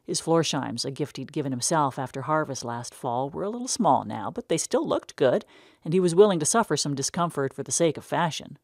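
A woman narrating a short story in a measured, unhurried way. Her voice sits low. The sound is dry and close, as from a studio booth. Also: expressive, a little mellow, dry recording.

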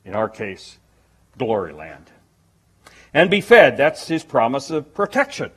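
A male preacher delivering a sermon at a slow, deliberate pace. His voice is husky and his pitch swings widely as he tells stories and drives home his points. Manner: animated storytelling preaching.

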